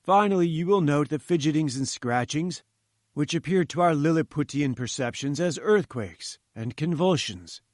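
Man playing a haughty old professor, lectures down to people, fairly high voice, dry close sound. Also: expressive, moderate pace, a little mellow, no room sound, close to an everyday voice. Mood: lecturing. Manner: condescending, lecturing. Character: pompous, patronizing older male professor. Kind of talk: audiobook reading.

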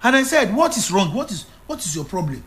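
Man, evangelist sermon, high voice, swings up and down a lot. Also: very animated, brisk, fairly bright tone. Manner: emphatic, repetitive preaching with stammered restarts. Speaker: evangelist preacher.

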